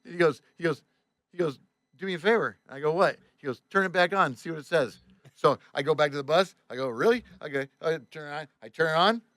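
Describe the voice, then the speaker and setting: A man with a fairly high, bright and forceful voice spins a story on a podcast about his work as a tour bus driver. He swears freely, keeps the tale lively and plays out every line of the exchange himself. The sound is dry and close. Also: fast talker, no room sound. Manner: animated, profane, reenacts dialogue with "I go, he goes".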